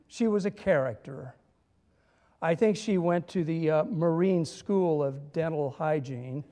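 A man's voice: fairly high pitch, measured pace, mellow, big-room sound. A male minister preaching a sermon, telling humorous stories and building to emphatic points. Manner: storytelling with humor and dramatic emphasis.

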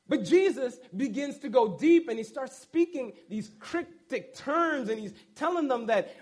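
A male preacher with an unusually high voice for a man, talking through scripture in a loose, chatty sermon. He tells the story with lively energy and drops playful jokes to the congregation along the way. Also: measured pace, hardly any pauses. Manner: animated, joking asides, storytelling. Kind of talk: casual conversational sermon.

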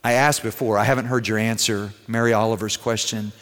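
A man's voice: lowish voice, steady tone, a little fast, hardly any pauses. Preaching man in a reverberant hall. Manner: storytelling preacher, swinging from loud emphatic peaks to hushed endings. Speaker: pastor. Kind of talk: sermon.

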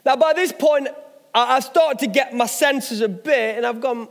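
A man's voice: very high voice, normal speed, big-room sound. A man, a pastor, preaching a sermon, telling stories with self-mocking humor. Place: church hall.

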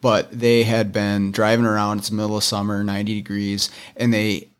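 A man's voice: on the low side, moderate pace, clear, resonant tone. Man telling a gross shop story. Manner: animated, quotes himself in disbelief. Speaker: auto technician. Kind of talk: casual storytelling chat.

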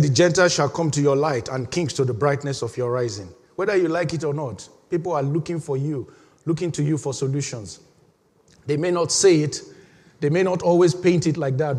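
A man preaching a sermon as pastor, animated, laughing often and leading the congregation in reading together. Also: fairly high pitch. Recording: long hall reverb.

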